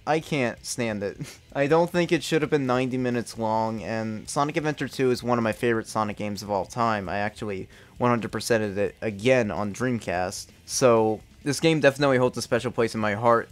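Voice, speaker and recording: Candid young man, swearing freely. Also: medium pitch. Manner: candid, self-critical, swears often. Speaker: video game reviewer. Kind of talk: casual retrospective commentary.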